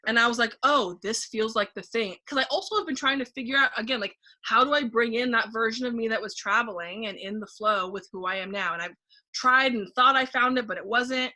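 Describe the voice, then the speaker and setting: A woman guest on a relaxed conversational podcast, with a bright, forceful voice pitched a little high. She tells her story with lively energy, replays her inner thoughts aloud and leans often on "like". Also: quick pace. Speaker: podcast guest, painting facilitator.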